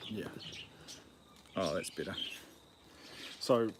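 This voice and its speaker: Low-voiced and slow, a New Zealand channel host sharpens a chainsaw outside and chats jokingly as he works. Self-mocking and prone to distraction, he's heard over the scrape of the file and birdsong in a noisy recording.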